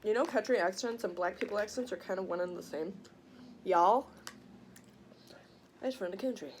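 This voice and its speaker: A woman's voice: mid-range voice, normal speed, a little hiss or hum. A woman with an American country accent, chatting crudely and joking while eating on camera in a casual vlog. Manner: crude, joking, laughs a lot. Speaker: mukbang vlogger.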